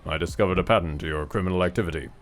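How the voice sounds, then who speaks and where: A man's voice: sits low, rapid-fire, pitched below the performer's own voice, lightly acted. A British man reading aloud the lines of a pompous young male fighter who plays detective, with mock gravity. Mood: grandiose.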